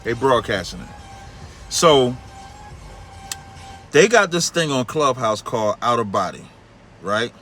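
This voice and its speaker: A man with a New York accent hosts a call-in radio show, telling a long story in casual talk at a measured pace with long pauses, faint music behind him. He's animated, acting out the people in the story and quoting them in a much higher voice.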